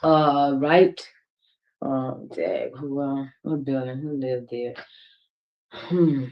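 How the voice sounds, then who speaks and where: A woman's voice: a bass voice, fairly even intonation, takes it slowly, lo-fi sound. A woman with a Midwestern US accent, speaking as a witness in a recorded police interview, hesitant and rambling, with many "you know"s.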